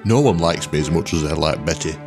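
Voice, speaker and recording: A man doing a pompous, booming parliament speaker. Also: fast talker, over music. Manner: pompous, officious. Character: pompous male parliamentary speaker, middle-aged. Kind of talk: comedy sketch.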